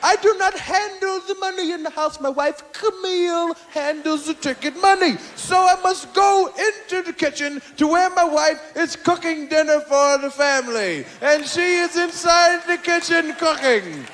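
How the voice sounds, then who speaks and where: A man doing stand-up comedy, telling a profane story with shouted punches on a stage. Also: very high-pitched, moderate pace, hardly any pauses, a little hiss or hum. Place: stage before a live crowd in a hall. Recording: hall reverb with faint crowd.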